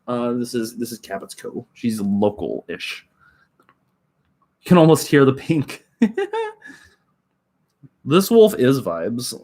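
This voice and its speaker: A man from Oklahoma hosts a relaxed livestream, chatting loosely with his viewers. He rambles and giggles, restarting sentences and filling gaps with filler words, in an everyday mid-range voice. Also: medium pitch. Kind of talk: casual chat with live viewers.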